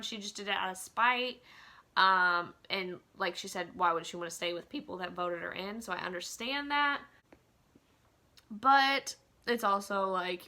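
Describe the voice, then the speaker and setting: Bright-voiced woman ranting casually. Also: medium pitch. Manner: chatty, full of "like" and "um", opinionated. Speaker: vlogger. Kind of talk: casual rant. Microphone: phone.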